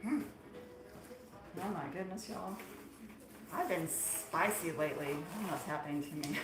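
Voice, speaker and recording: A woman's voice: fairly low pitch, moderate pace. A woman hosts a casual live stream from a small studio kitchen, talking straight to her viewers. Her manner is chatty and playful, and she laughs easily. The room has a noticeable echo. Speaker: marshmallow maker hosting a live stream. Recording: echoey room.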